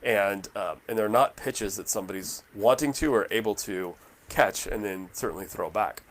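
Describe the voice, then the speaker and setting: Folksy guy cohost, lowish voice, tells little stories, pokes fun at himself. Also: normal speed. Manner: folksy, storytelling, self-deprecating. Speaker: podcast co-host. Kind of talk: casual book discussion.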